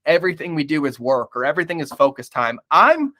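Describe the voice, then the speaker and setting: A man's voice: on the high side, sing-song, quick pace, pushed and bright. A man talking candidly as a podcast guest, blunt and emphatic, swearing often and calling the listener "bro".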